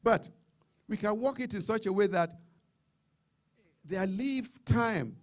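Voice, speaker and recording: A man's voice: high-pitched, slow. A middle-aged Nigerian man with a Nigerian accent, giving an emphatic public lecture and often repeating words. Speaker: seminar speaker.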